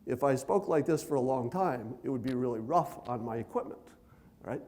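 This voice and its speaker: A man giving a conference keynote speech, conversational with dry self-deprecating humor, deliberately speaking at a raised pitch. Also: expressive, a little mellow. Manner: loose, unhurried delivery with many fillers and asides.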